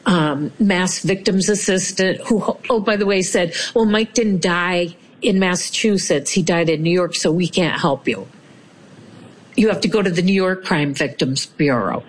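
A woman's voice: lowish voice, a little slow, poor audio. A woman, animatedly telling a personal story and acting out what people said. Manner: animated, acts out quoted voices. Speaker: interviewee telling her story.

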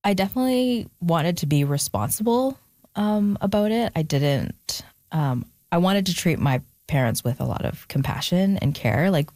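A woman's voice: fairly low pitch, animated, normal speed, darkish tone, dry recording, clean studio sound. A woman author being interviewed, talking in an earnest, reflective way with fillers. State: emotional, near tears at times. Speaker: author, guest. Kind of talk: casual interview talk.

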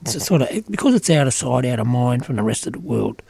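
A man's voice: mid-range voice, expressive, quick pace, vocal fry, mellow, slightly rough, dry recording. A middle-aged Australian man with an Australian accent, talking earnestly and emphatically in casual political conversation, with many "you know" fillers.

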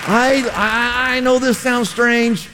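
High-voiced pastor preaching in echoing hall. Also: male voice, level tone, slow pace, sharp tone, a faint crowd. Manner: earnest, repetitive exhortation. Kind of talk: sermon. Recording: long hall reverb.

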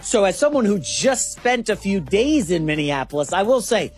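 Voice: mid-range voice, moderate pace, faint music behind. A co-host of a sports talk show, chatting and steering the segments. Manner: lively, chatty, runs the segments.

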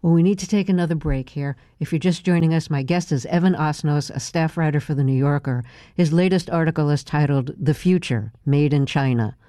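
Radio host, a woman with a calm, measured, mellow read and a dry studio sound. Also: low-pitched, dry recording. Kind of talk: radio interview hosting.

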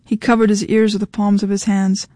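A woman's voice: mid-range voice, little pitch movement, a little fast, warm tone, dry recording. Woman narrating a story, dry sound. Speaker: audiobook narrator. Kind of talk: scripted narration.

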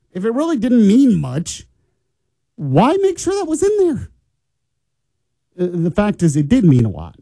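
A man's voice: high-pitched, mellow, dry recording. A man hosting a morning talk radio show, chatty and opinionated, teasing listeners and colleagues. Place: radio studio.

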